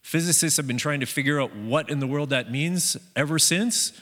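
Man, preacher, relaxed sermon, halting restarts, crisp bright tone, echoing church hall. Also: fairly high pitch. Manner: conversational, with many restarts and fillers.

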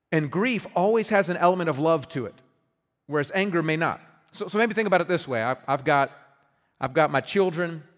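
A man's voice: on the high side, fairly bright tone. A man preaching a sermon as pastor, earnest and conversational, often restarting his words. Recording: reverberant hall.

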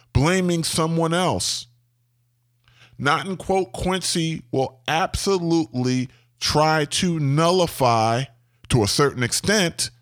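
A man telling a story about dealing with a contractor, emphatic and animated. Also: no echo, clean studio sound. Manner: animated, emphatic, wide swings in pitch. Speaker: homeowner sharing a contractor story. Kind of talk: storytelling talk.

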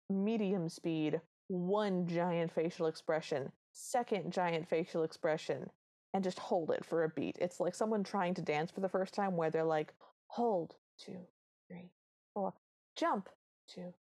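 A woman co-hosting a podcast, chatting about a film with wry, animated asides. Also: lowish voice. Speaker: podcast co-host. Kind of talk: casual recap chat.

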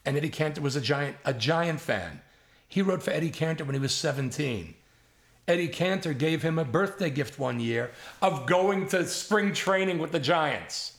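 Gravelly older man telling stories. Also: fairly high pitch, normal speed, reverberant. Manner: lively storyteller who imitates others and swears freely. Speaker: comedy writer guest. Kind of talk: casual anecdote telling.

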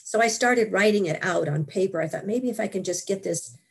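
An older woman, a guest author, telling her story in an interview with lively asides and frequent laughs. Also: medium pitch, fairly quick, creaky, husky. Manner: animated storytelling, laughs often.

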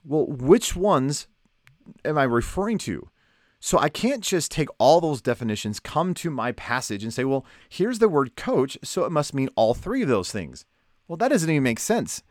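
A man teaching a lesson on Bible study in a lively, conversational way, asking rhetorical questions. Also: mid-range voice, no room sound, studio quality.

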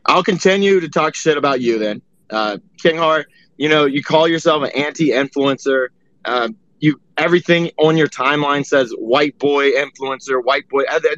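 A man's voice: a little high, normal speed, a bit bright, no room sound. A man hosting a heated live audio chat, profane and mocking, with a lot of "uh" fillers. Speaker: space host. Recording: dry, dull lo-fi audio.

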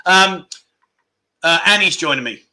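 Chatty, bright-voiced host. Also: male voice, sits high, lively intonation, a little slow. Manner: chatty, self-deprecating, rambling. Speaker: livestream chat show host. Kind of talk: casual livestream chat reading viewer comments.

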